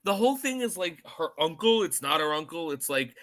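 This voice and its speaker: A man co-hosting a podcast, chatting casually and rambling about a film, quick to mock himself. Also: fairly high pitch. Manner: animated, rambling, self-mocking. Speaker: podcast co-host. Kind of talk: casual chat reviewing a film.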